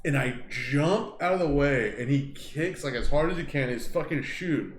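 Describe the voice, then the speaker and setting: A man's voice: medium pitch, normal speed, slight background noise. Swearing, rambling man in a roomy room. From Southern California. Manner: profane, rambling, laughs through his stories. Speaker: podcast co-host. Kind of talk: casual storytelling chat.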